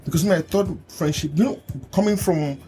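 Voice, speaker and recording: A man hosting a podcast, telling personal stories in an animated way, laughing often and acting out what people said to him. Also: sits high, a little fast, soft background music. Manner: animated storyteller, laughs often, acts out quotes. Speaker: podcast host and coach. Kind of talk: casual conversational chat.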